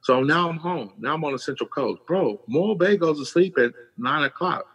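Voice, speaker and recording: A husky, middle-aged Californian appears as a podcast guest, casually telling street stories in a voice on the high side at normal speed. He's an animated storyteller who acts out quoted voices and swears freely. Audio quality is poor.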